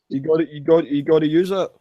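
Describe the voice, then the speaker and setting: A man's voice: on the high side, dark tone, no room sound, dull audio. A man in casual online group chat, teasing and joking, with stammered restarts. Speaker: chat participant.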